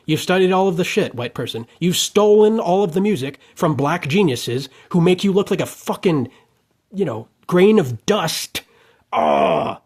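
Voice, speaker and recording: A man giving an unscripted monologue rant, heated and profane, breaking into shouted outbursts. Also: sits high, breathy edge.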